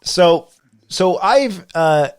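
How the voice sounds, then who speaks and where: A man's voice: sits high, lively intonation, drawn-out words, a crowd in the background. A man hosting a podcast interview, talking casually with many restarts and fillers. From Canada. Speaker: podcast host.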